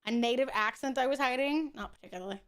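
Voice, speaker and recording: A woman streaming a horror game and joking with friends on a call, swearing freely and laughing loudly. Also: sits high, fast talker. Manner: profane, joking, loud laughs. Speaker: VTuber streamer. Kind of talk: casual gaming stream chat.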